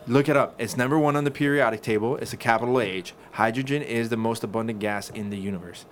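Profane, animated male podcast storyteller. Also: medium pitch, fast, a little hiss or hum. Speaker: podcast co-host. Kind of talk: casual chat.

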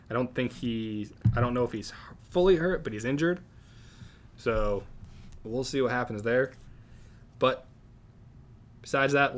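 A man hosting a sports podcast, chatting casually, often laughing as he tells stories. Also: mid-range voice. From Massachusetts. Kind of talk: casual chat.

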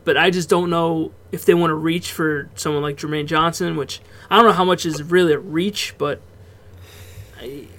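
A man co-hosts a casual sports podcast at a moderate pace, his pitch fairly high. He keeps things relaxed, cursing freely and trailing off into laughter.

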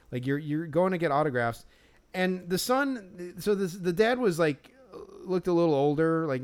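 Smooth-voiced man telling a rambling story. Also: fairly high pitch. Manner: rambling storyteller, many "like" fillers. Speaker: podcast co-host. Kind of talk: casual chat.

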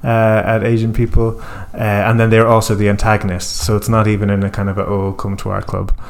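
A man's voice: fairly low pitch, monotone, quick pace. An Irish man co-hosting a casual film discussion podcast, earnest and thinking aloud with many restarts. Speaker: podcast co-host.

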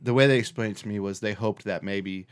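Swearing, animated storytelling man. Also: lowish voice, fast talker, smooth. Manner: animated storyteller, swears freely, restarts often. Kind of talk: casual podcast chat.

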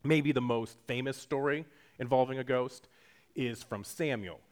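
A man's voice: medium pitch, measured pace. A man preaching a sermon in a casual, jokey teaching style, acting out quotes as he goes. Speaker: pastor.

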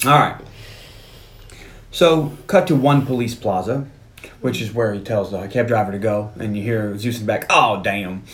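Male podcast host, playful scene-by-scene recap with quick impressions, recorded in a roomy space. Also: fairly low pitch. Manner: animated retelling with quick impressions of characters. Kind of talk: casual movie podcast recap.

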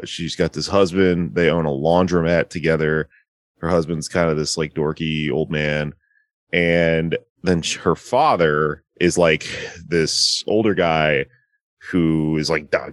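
A man's voice: low-pitched, no room sound, studio quality. A man casually retelling a movie plot to a friend, rambling with lots of fillers. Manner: rambling, filler-heavy retelling with acted-out quotes. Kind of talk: casual chat.

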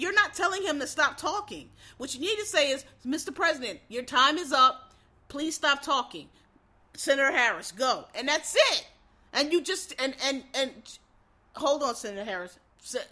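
A woman's voice: high-pitched, pushed and bright. A woman from the United States giving a casual opinion monologue, blunt, emphatic and full of swearing as she addresses her viewers directly. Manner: blunt, emphatic and profane, lecturing the audience directly. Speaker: commentator.

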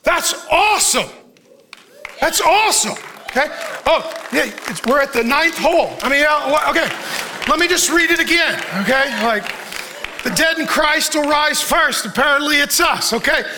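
A middle-aged male pastor preaching with a high, bright, forceful voice. He jumps from shouted lines to soft, hushed asides and laughs at himself along the way. His talk is lively and personal. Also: normal speed, some chatter behind, slight background noise. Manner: animated, shouting peaks, drops to soft tender asides; laughs often, self-deprecating humor. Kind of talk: sermon.

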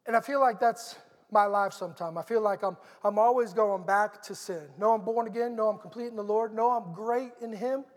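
A man's voice: high-pitched, brisk, few pauses. Earnest preacher man in a reverberant hall. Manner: earnest, conversational storytelling. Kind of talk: sermon.

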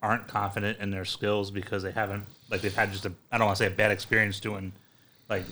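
A man's voice: lowish voice, flat delivery, quick pace, bright, forceful tone, slight background noise. A man hosting a casual talk, asking loose, rambling questions with a lot of restarts.

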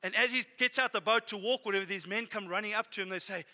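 A man preaching a sermon in an animated, exclaiming way, sometimes running short of breath. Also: high-pitched, fast, few pauses. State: out of breath at times. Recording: reverberant hall.

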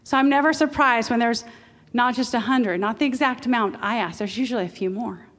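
A middle-aged woman preaching a sermon, animated, jumping between loud exclamations and hushed asides. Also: on the high side, fairly quick. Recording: long hall reverb.

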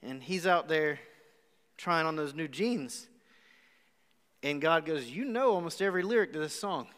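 A man pastor preaching a live sermon, telling a story with animated acted-out asides. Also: fairly high pitch, measured pace, smooth. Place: church auditorium. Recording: live church hall with long reverb.

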